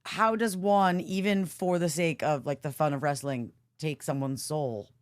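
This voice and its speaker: A woman co-hosting a podcast, chiming in with teasing jokes and quick questions. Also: deep voice, steady tone, no room sound. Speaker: podcast co-host. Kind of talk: casual podcast chat.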